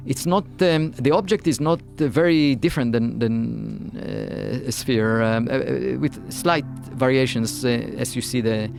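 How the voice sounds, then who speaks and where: Guy physicist talking in an interview, lots of uhs and restarts, mid pitch, faint music under it. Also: a little slow, gravelly, few pauses, a little mellow. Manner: hesitant, many fillers and restarts. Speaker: physicist guest. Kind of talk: interview conversation.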